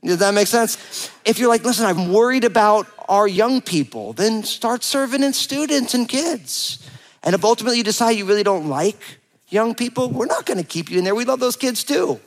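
A man's voice: high-pitched, normal speed. A man in his forties, a pastor preaching a sermon, telling a personal story with humor and acting out the dialogue. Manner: animated, playful, acts out quoted dialogue.

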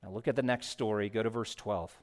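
A man preaching a sermon as pastor, moving between hushed and raised passages. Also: fairly low pitch, steady tone, brisk.

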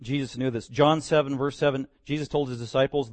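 A man preaching a sermon as pastor, swinging between loud, emphatic declarations and quiet, earnest asides. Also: mid-range voice, fairly even intonation, fairly quick, no echo. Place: church.

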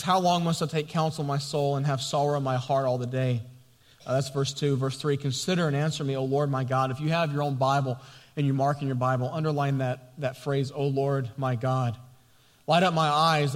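Pastor guy preaching hard, gets loud on the big points, big echoey church sound. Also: mid-range voice. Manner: impassioned preaching, rising loud at key points. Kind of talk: sermon.

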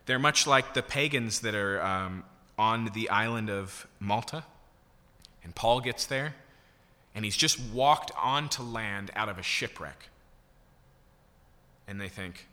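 A male pastor preaches a sermon, teaching conversationally and asking rhetorical questions. His voice sits on the low side but sounds bright and forceful. A long reverb trails each phrase, as in a church hall. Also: a little slow.

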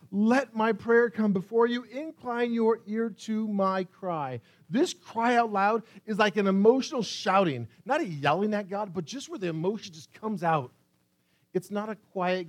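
A man preaching a sermon, reading scripture slowly and with emphasis, swinging between hushed lines and loud cries. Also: sits high. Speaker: pastor.

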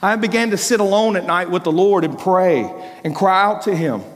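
A man gives a sermon testimony at a moderate pace, telling his story emphatically with repeated phrases. He rises to loud bursts and drops to hushed, low passages, with the long reverb of a large hall around him.

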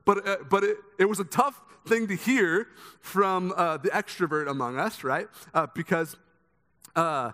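Pastor preaching in a reverberant hall. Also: male voice, a little high. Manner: conversational, repeats words, animated storytelling. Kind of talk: sermon.

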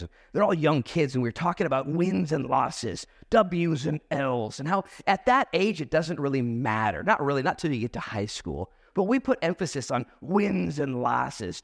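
A man's voice: on the low side, no echo, clean studio sound. A middle-aged man preaching a sermon at a church service as its pastor, talking in a conversational, emphatic way and asking rhetorical questions.

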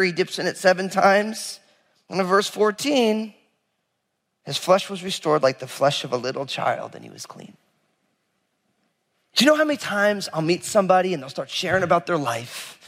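A man preaching a sermon as a pastor, animated and conversational, acting out the people in the story with casual asides. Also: sits high, in a large hall. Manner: animated, acts out biblical figures with casual asides.

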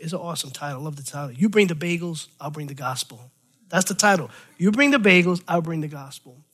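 A man with a fairly high voice preaches a sermon, teaching from scripture. He is animated and chatty, breaking off into casual, self-deprecating asides before he comes back to the text. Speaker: pastor.

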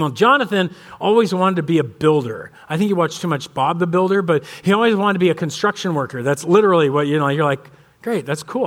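High-voiced storytelling pastor. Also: male voice, a bit bright. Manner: storytelling, acts out family dialogue. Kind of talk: sermon.

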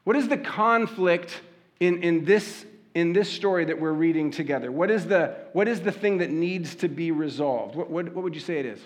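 Speaking at a moderate pace in a voice on the high side, this male pastor gives a chatty sermon. He weaves in stories and throws rhetorical questions out to his congregation.

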